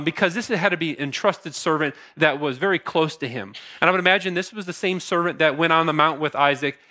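A middle-aged pastor preaching to his congregation in a bright, forceful voice pitched a little high for a man. He talks earnestly, slipping into casual asides and restarting his sentences as he goes. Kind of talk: sermon.

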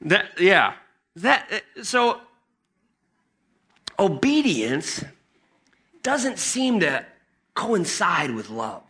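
A man preaching a sermon with a high, lively voice that has a bright, ringing edge. He talks to the congregation like a friend, stumbling over repeated starts and then rising into excited emphasis. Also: very slow, long pauses, slightly rough. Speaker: pastor.

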